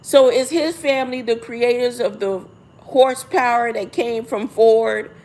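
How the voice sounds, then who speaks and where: A woman's voice: on the high side, steady tone, unhurried, darkish tone. A woman reading a text aloud and musing over it in a casual, rambling way. She often asks a rhetorical "huh?" and corrects herself as she goes.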